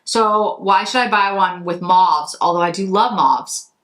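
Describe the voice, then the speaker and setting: Her voice is medium-pitched and fairly bright, with a measured pace. A beauty vlogger from Massachusetts, she chats casually about products, rambling a bit and fixing her own wording as she goes.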